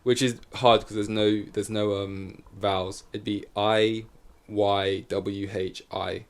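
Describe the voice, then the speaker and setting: Male podcast host, solo, loose and chatty, trips over himself, sits a bit low. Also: little pitch movement, slow pace. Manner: rambling, self-correcting, swears casually. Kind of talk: casual solo chat. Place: in front of a camera.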